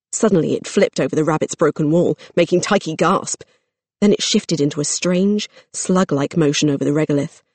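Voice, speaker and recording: A narrator reading a storybook aloud in a steady, measured way. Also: medium pitch, husky, no room sound.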